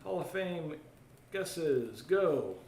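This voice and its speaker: Card break host, male, casual patter while opening packs, slightly high voice, roomy sound. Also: lively intonation, extremely slow, a little mellow. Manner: chatty, reads viewer comments aloud while opening packs. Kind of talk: live card break commentary. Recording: roomy echo, faint ambient noise.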